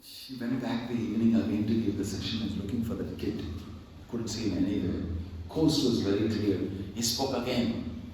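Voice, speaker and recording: A man's voice: lowish voice, moderate pace, a little hiss or hum. Echoey, far-off male preacher. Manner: animated, chuckling storyteller. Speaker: swami, spiritual teacher. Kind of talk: storytelling sermon. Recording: very echoey distant hall recording.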